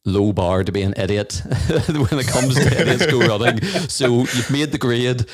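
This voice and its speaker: A man's voice: mid-range voice, normal speed, no room sound, clean studio sound. An Irish man of forty co-hosting a podcast, chatting casually and laughing as he talks, now and then tripping over his words. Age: 40s. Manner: friendly, laughing, with occasional stumbles. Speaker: podcast co-host.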